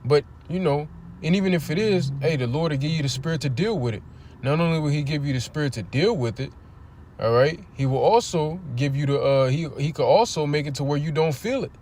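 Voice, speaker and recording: A man's voice: on the high side, a little fast, darkish tone, a little hiss or hum. A man preaching informally on a livestream near a street. He reads scripture aloud, asks his listeners rhetorical questions and swears bluntly as he drives his points home. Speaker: preacher streaming a scripture teaching.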